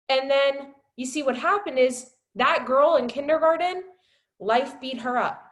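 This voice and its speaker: A young woman in her twenties, a wellness coach telling her personal story on a webinar in an emotional, filler-heavy way, rising high and loud when she relives moments. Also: measured pace. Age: 20s.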